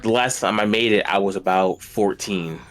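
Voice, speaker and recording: A man with a fairly low voice chats casually as a stream guest, restarting his sentences as he goes. Faint game music sits in the background. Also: moderate pace. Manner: loose, chatty, with restarts and short backchannels. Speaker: stream co-host. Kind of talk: casual chat.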